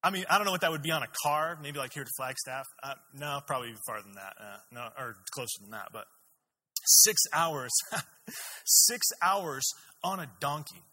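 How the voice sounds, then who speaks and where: Husky, bright-voiced preacher man in reverb. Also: mid-range voice, fast talker. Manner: animated, laughing, acts out characters. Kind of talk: sermon storytelling. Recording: long hall reverb.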